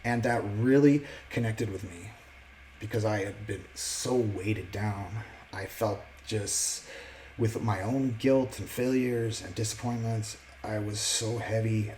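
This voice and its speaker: A man casually sharing a personal faith testimony, earnest and reflective, often pausing and restarting his words. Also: lowish voice, a little mellow, slight background noise, low-quality recording. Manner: halting, with many restarts and fillers.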